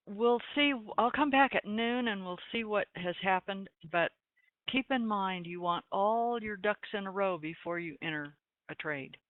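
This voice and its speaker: A woman's voice: mid-range voice, dry recording. A woman hosting a live trading webinar, giving folksy, chatty market commentary with dry sarcastic asides. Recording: tinny phone-like line, dry.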